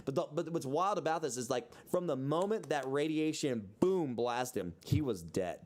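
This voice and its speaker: A man's voice: a little high, lively intonation, normal speed, hardly any pauses, a little mellow. A young man in casual podcast chat, rambling through a story with lots of fillers and swearing. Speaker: podcast co-host.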